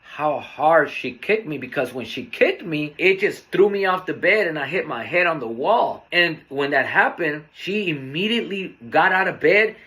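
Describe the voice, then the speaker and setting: A man hosting a podcast, telling a personal story in a candid, earnest, unhurried way. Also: fairly high pitch, expressive, pushed and bright. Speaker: podcast host.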